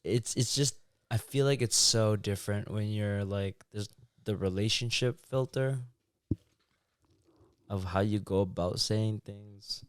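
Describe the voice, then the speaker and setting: A man's voice: lowish voice, unhurried, clear, resonant tone, dry recording, studio quality. A young man co-hosting a podcast, talking in a thoughtful, laid-back way with many likes. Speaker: podcast co-host. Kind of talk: casual reflective chat.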